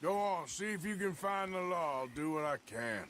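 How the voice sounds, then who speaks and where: An actor voicing a gruff male outlaw who speaks calmly and tersely, in a video game. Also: high-pitched, normal speed, a little hiss or hum. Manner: calm, terse.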